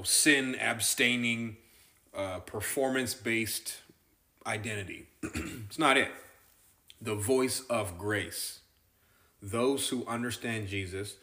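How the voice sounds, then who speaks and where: Man, preacher, sermon, slow deliberate delivery, bright firm tone. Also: on the low side.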